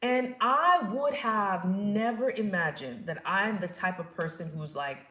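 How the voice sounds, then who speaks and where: A young woman in her first years of motherhood, telling her own story in a casual, animated way and acting out what people said. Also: mid-range voice, measured pace. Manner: animated, acts out quotes and screams, laughs at herself. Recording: echoey room.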